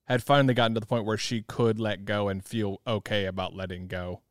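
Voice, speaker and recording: A man's voice: lowish voice, flat delivery, fairly quick, dry recording, studio quality. A man co-hosting a podcast, talking through a film in a thoughtful, rambling way and laughing often. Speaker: podcast co-host. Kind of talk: casual movie discussion.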